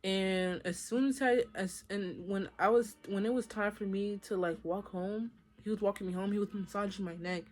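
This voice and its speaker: A woman's voice: mid-range voice, fairly even intonation, normal speed, few pauses. Young woman, casual storytime vlog, chatty, talks straight to viewers, faint music underneath. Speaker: vlogger.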